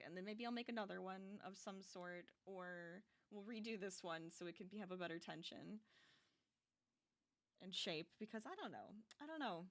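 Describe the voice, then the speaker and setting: A woman's voice: medium pitch, a bit bright. A young adult woman streaming as she crochets, chatting casually and animatedly with her viewers and laughing often.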